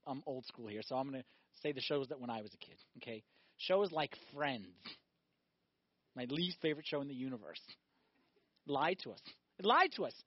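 A male priest giving a sermon, animated, firing off rhetorical questions and acting out little scenes. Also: sits high, no echo, dull audio.

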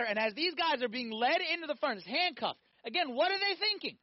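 A man's voice: very high-pitched, big pitch swings, a little fast, hardly any pauses, no room sound, highs cut off. A man preaching a sermon, telling stories animatedly, acting out voices and asking the audience questions.

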